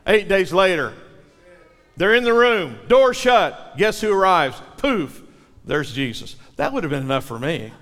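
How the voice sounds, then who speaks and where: A man's voice: high-pitched, very animated, measured pace, a bit bright, big-room sound. A male pastor preaching a sermon with dramatic delivery, asking the congregation to repeat lines after him.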